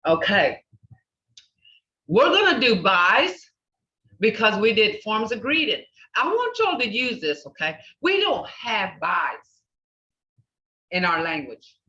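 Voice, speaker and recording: An older woman teaching a language class, repeating words slowly and checking in with "okay?". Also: medium pitch, very animated, pushed and bright. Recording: echoey, distant, dull room recording.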